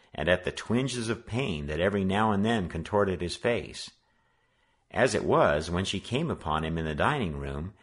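Deep husky male storybook narrator. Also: fairly bright tone. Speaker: audiobook reader. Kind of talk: read-aloud narration.

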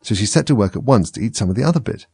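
A man reading a storybook aloud in a measured, expressive way. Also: fairly low pitch, creaky, slightly rough, no echo. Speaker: reader.

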